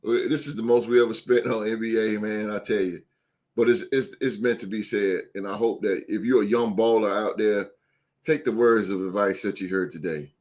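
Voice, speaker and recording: A man hosting a sports podcast and coaching youth basketball, talking loudly and emphatically with plenty of swearing. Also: lowish voice, moderate pace. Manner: loud, swearing, animated and emphatic. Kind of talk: casual sports podcast chat.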